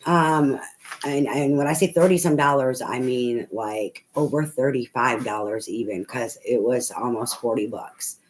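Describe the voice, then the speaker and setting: A woman's voice: rumbling low, measured pace. Rambling, foul-mouthed woman tarot reader. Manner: rambling, swears freely, laughs often. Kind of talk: casual spoken tarot reading. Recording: noisy home recording.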